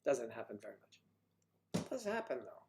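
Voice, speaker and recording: A man hosting a livestream, chatting casually with viewers and joking about their names and hometowns, switching between loud bursts and quiet asides. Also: medium pitch, big pitch swings, normal speed. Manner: playful, jokey, riffing on viewers' names and places. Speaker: livestream host. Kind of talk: casual chat reading viewer comments.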